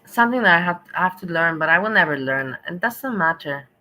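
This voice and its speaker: Woman streamer, sarcastic and rambling, a bit low with a bright edge. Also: expressive, fairly quick, low-quality recording. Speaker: stream host. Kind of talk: commentary.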